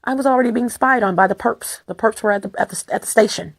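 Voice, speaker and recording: A woman talks straight to her viewers in a loose, wandering monologue. Her voice has a gravelly, creaky texture and sits lower and rougher than usual. She hammers her points home by repeating words in rapid runs. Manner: emphatic, repeats words in bursts. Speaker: vlogger. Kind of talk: casual rambling monologue to viewers.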